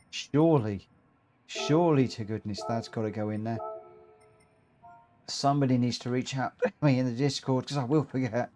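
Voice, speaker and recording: A man with a medium-pitched voice hosts a live racing game stream. He talks excitedly and rambles, frequently tripping over his own words.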